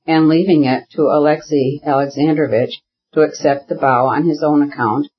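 A man narrating a classic novel as an audiobook, in a measured, even reading. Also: on the high side, breathy edge, highs cut off. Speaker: audiobook reader. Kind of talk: scripted narration.

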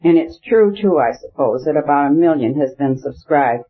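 A man's voice: fairly high pitch, animated, normal speed, husky, dull audio. A male narrator voicing an eager, chatty society princess in an audiobook. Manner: chatty, gushing.

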